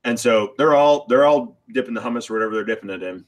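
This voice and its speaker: A man's voice: medium pitch, fast. A man in a casual theology chat, explaining points and thinking aloud with frequent hedges. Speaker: podcast co-host.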